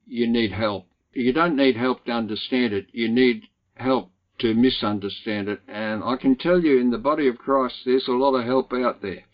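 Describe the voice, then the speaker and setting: Man, Bible study leader, unhurried deliberate delivery, emphatic on key words, lo-fi dull sound. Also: mid-range voice. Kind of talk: Bible teaching and scripture reading to a small group.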